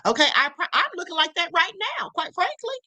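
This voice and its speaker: Lively, high-voiced woman live-stream host. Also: fast talker. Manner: emphatic, keeps saying "okay" and "honey"; laughs and teases her viewers. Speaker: livestream host. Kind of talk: casual live commentary.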